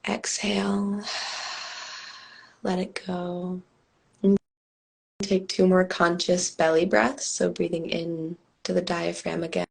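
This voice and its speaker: A woman with a hoarse, scratchy voice, co-hosting a live stream and guiding a calm meditation. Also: on the low side. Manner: slow, calm guiding cadence. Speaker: co-host and meditation guide. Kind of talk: guided meditation and casual chat. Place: home, on a live video stream.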